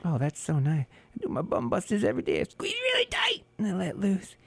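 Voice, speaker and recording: A man's voice: sits high, wildly swooping pitch, brisk, vocal fry, breathy edge, heavily acted. A man putting on a nasal, whiny woman's voice as a comic impression of a famous actress, giggly and sing-song. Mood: perky. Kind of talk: comic impression on a radio talk show.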